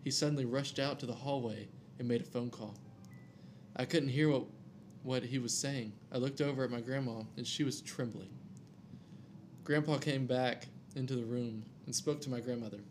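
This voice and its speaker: A man's voice: medium pitch, fairly even intonation, moderate pace, a little mellow, slight background noise. Casual man reading a scary story. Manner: reads aloud with jokey asides and stumbles over names.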